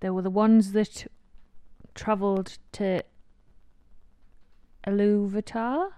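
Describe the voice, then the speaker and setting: A woman's voice: medium pitch, fairly even intonation, takes it slowly, warm tone, clear, resonant tone, no room sound. A woman from northeast England with a northeast English accent, co-hosting a podcast in casual chat, dry and teasing. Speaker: podcast co-host.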